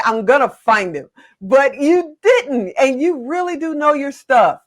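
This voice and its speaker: A woman's voice: sits high, very animated, measured pace. Playful woman host interviewing a guest. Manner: playful, teasing, jumps in to interrupt. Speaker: podcast host. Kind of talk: casual interview chat.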